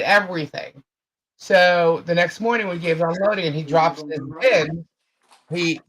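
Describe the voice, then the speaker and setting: A woman's voice: lowish voice, rough recording. A woman co-hosting a live chat show, telling a long story in a rambling way, full of fillers and repeated phrases.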